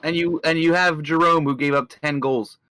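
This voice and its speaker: A man's voice: fairly high pitch, steady tone, normal speed, bright, forceful tone, clean tone, poor audio. A man co-hosting a podcast, ranting with sarcasm in casual chat.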